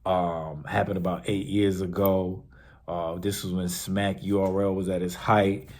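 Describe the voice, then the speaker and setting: A man hosting a podcast, giving casual, hyped-up commentary on battle rap that swings from shouts to murmurs. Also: sits low, flat delivery, unhurried. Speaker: podcast host.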